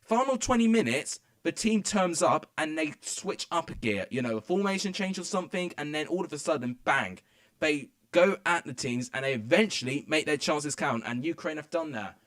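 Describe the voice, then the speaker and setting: Excitable young man, breathless. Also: a little high, normal speed. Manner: excitable, rambling, many fillers. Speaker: streamer. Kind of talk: live football watchalong commentary. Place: home room.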